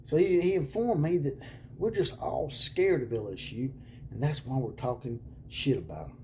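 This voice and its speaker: A man hosts a college football video channel from a room at home. His voice sits at an ordinary pitch with a dark, mellow tone, and a faint hiss of background noise runs under it. He talks sarcastically, chuckling and sliding into hushed mock-whispers. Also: expressive, moderate pace. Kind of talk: casual sarcastic video monologue.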